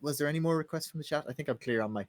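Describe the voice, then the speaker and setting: A man's voice: on the high side, very fast. A man running a tabletop game as game master, improvising the story, swearing casually and laughing often.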